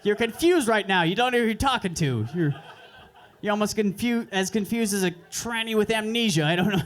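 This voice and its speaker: High-voiced young man doing crude deadpan stand-up. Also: a little fast. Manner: deadpan, crude, self-mocking delivery. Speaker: stand-up comedian. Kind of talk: stand-up set at an open mic. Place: comedy club stage.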